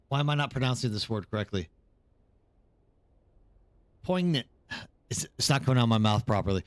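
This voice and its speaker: A man's voice: mid-range voice, no echo. Tired, rambling male streamer. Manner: rambling, answers chat by name. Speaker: live streamer. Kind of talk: casual live stream chat.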